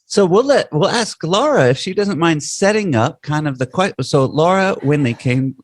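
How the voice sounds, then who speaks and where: A man's voice: on the high side, expressive, normal speed, dry recording, clean studio sound. A man co-hosting a podcast in casual chat, talking in an enthusiastic, rambling way. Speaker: podcast co-host.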